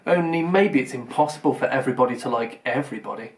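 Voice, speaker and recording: Storybook boy, flat and plucky, high-pitched when he yells for the police, a man voicing him. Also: quick pace, natural voice. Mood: hurt. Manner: shouts loud alarms, speaks low when sad.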